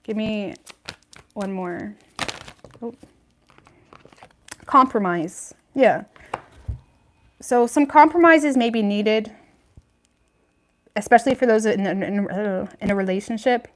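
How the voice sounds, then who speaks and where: A woman's voice: medium pitch, slow pace, long pauses. A woman giving a casual livestream tarot reading, chatty and frank, with lots of "like" and "you know what I mean," laughing between points. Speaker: tarot reader.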